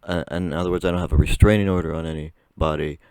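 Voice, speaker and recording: A man's voice: rumbling low, steady tone, quick pace, a little mellow, clear, resonant tone, no room sound. A young man whose voice still cracks, telling a rambling story to camera with frequent laughs. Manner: chatty, rambling, laughs often. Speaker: vlogger.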